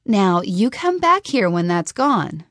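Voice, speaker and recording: A woman's voice: medium pitch, big pitch swings, takes it slowly, a bit bright, dry recording, clean studio sound. A woman voicing an earnest, practical young woman in a fantasy audiobook, speaking in a reasoning, slightly unsure way. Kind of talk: audiobook character voice.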